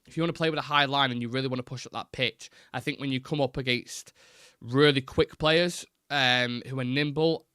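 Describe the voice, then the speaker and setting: A man's voice: mid-range voice, fairly even intonation, brisk, pushed and bright, smooth, no echo, clean studio sound. A young man hosting a live football fan show, chatting through his opinions and reading viewer comments, with plenty of fillers and restarts.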